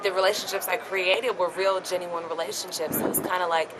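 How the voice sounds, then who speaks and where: A woman's voice: on the low side, steady tone, brisk, a crowd in the background. A woman, a radio host, chatting in a bubbly way during an outdoor street interview. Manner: bubbly, laughs often. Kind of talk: casual interview chat. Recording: very noisy outdoor street recording. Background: loud traffic.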